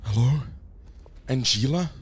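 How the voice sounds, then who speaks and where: A man's voice: medium pitch, expressive, unhurried, heavy background noise. A man streaming a game, chatting casually in a rambling, crude, jokey way.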